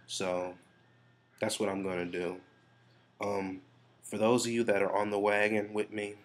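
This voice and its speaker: A man's voice: sits low, fairly bright tone. A man talking to camera in a frank, rambling confessional vlog, stressed and frustrated, swearing freely as he talks things through. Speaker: vlogger.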